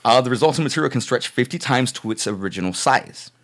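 A man co-hosting a casual podcast, reading articles aloud with a relaxed, profane manner and occasional stumbles. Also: medium pitch, quick pace. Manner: profane, laid-back, stumbles when reading. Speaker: podcast co-host reading news.

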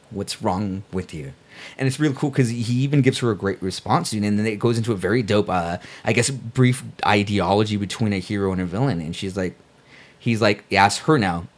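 Laid-back, swearing comic review guy. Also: fairly low pitch. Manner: laid-back, swears a lot, says dude. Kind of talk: casual chat.

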